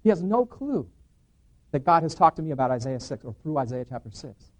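A middle-aged man giving an animated testimony in church, acting out dialogue and restarting his sentences. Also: fairly high pitch, fairly quick. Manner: excited, acts out dialogue, frequent restarts. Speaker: guest speaker giving testimony.

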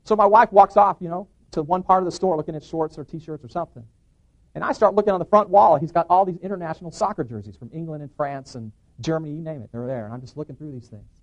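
A middle-aged man giving an animated testimony in church, acting out dialogue and restarting his sentences. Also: a little high, quick pace, dull audio. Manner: excited, acts out dialogue, frequent restarts. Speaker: guest speaker giving testimony.

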